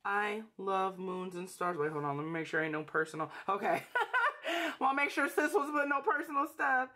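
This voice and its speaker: A woman's voice: mid-range voice, lively intonation, normal speed, bright, forceful tone. A young woman hosting a casual unboxing vlog, gushing and emotional, calling her viewers sis and y'all. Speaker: budgeting channel host.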